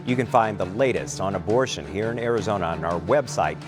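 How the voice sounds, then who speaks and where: A man anchoring a local evening newscast, reading scripted news in a measured, formal way. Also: low-pitched, lively intonation, music in the background.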